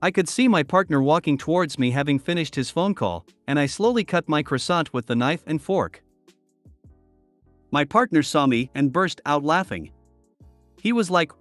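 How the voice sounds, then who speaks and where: A man's voice: on the high side, lively intonation, normal speed, no room sound. Man narrating stories over faint music. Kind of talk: scripted story narration. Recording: dry with faint music behind.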